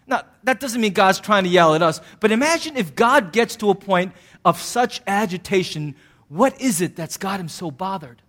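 High-voiced guy pastor preaching, chatty then suddenly punchy and loud. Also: normal speed. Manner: animated, conversational preaching with sudden bursts of emphasis. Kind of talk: sermon.

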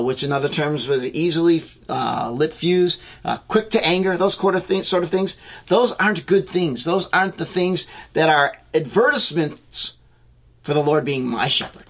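A man preaching a sermon as pastor, talking in a slow, reflective way with occasional fillers. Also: on the high side, gravelly, a bit bright, slightly rough.

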